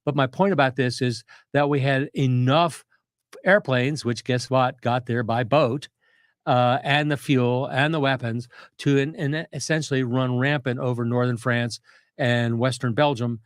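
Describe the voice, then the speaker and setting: A man's voice: medium pitch, fairly even intonation, unhurried, no echo. Older guy going on about history, lots of uhs and restarts, dry close mic. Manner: detailed, rambling explanations with restarts and fillers. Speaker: guest historian, retired Navy captain. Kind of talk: conversational history explanation.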